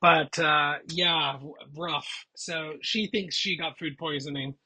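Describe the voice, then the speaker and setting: A man vlogger tells a personal story in a loose, chatty way, often restarting his sentences. His voice is husky yet bright and forward, sitting a bit above the usual male pitch. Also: steady tone, slow, poor audio. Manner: chatty, rambling with frequent restarts. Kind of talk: casual storytelling.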